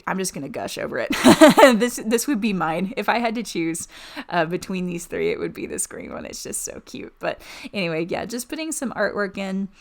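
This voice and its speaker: A woman's voice: medium pitch, gravelly. A woman giving casual, chatty voice-over commentary on a game build, gushing and rambling with many fillers. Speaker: Sims building YouTuber.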